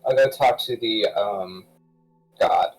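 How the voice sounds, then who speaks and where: Husky guy playing a tabletop game, rambly and casual, soft music behind. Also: lowish voice, slow, low-quality recording. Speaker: player. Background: background music.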